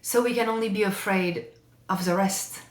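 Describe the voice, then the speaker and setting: A woman's voice: medium pitch, fairly even intonation, normal speed. A woman in her forties, a therapist talking as a podcast guest in an earnest way, repeating phrases for emphasis. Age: 40s. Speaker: guest, family constellation therapist. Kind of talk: casual podcast conversation. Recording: roomy echoey room.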